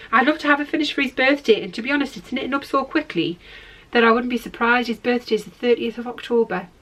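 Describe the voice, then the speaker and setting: A woman's voice: a little high, fairly bright tone. A middle-aged woman hosting a knitting podcast, rambling and self-deprecating in casual chat while showing her work to the camera.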